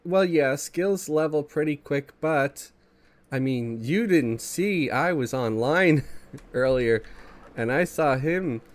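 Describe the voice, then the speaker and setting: Man, stuffy congested voice, unhurried laid-back streamer reading chat between chuckles. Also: medium pitch, animated. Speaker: game streamer. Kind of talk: casual live-stream chat while gaming.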